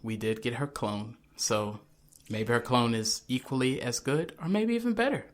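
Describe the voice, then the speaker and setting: A man's voice: mid-range voice, normal speed. A man hosting a podcast, chatting loosely and laughing, a bit tipsy. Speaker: podcast host. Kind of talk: casual podcast banter.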